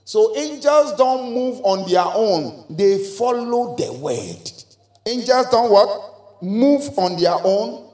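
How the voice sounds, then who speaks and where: A man's voice: sits high, very animated, slow, a little mellow, echoey room. A man preaching a sermon in a church, with emphatic call-and-response and repeated phrases. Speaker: pastor. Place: church hall.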